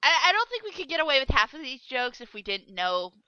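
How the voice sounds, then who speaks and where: A woman's voice: sits high, sing-song, fast, pushed and bright, highs cut off, slight background noise. A woman hosting a podcast in casual chat, steering the talk and giggling. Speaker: podcast host.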